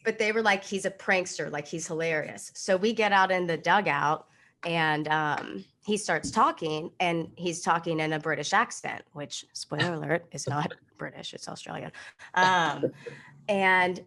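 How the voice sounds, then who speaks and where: A woman's voice: on the low side, unhurried, a bit bright. A young woman co-hosting a podcast, telling a story in a chatty way with lots of "like". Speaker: podcast co-host, former sideline reporter.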